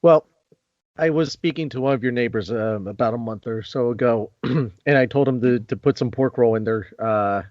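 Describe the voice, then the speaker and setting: A man's voice: mid-range voice, moderate pace, no echo, highs cut off. A man hosting a casual podcast interview, talking hesitantly with frequent ums. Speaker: podcast host.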